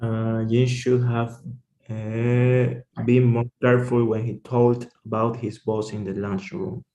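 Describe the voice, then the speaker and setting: A man, a student in an online English class, reading practice sentences slowly. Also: mid-range voice, flat delivery, mellow, reverberant, highs cut off. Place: cold room.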